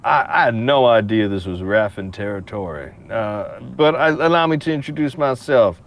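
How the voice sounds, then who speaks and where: Man doing a slow schmoozing southern charmer. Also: mid-range voice, natural voice. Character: smooth-talking male con man, chatty and charming.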